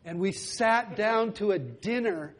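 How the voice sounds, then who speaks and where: A man telling a personal story in a sermon, animated and often laughing, and now and then singing a few lines. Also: high-pitched, takes it slowly. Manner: animated, laughing storyteller who breaks into song. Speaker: preacher.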